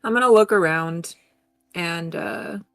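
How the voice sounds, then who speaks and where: A woman's voice: lowish voice, a little slow, vocal fry, dry recording, soft background music. A woman player in a tabletop game, speaking hesitantly and wryly. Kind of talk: casual tabletop play.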